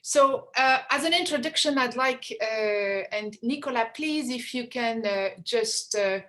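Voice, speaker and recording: Woman moderator, fairly high voice, hesitant with restarts, video call panel. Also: measured pace, a bit bright. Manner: hesitant, many fillers and restarts. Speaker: session moderator.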